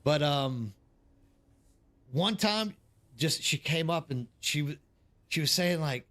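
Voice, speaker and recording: Man, thirties, streamer, casual chat, rambling, filler-heavy, slightly high voice. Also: slow, long pauses, a bit bright. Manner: rambling anecdotes with many fillers and restarts. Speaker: live stream host. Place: living abroad in South Korea.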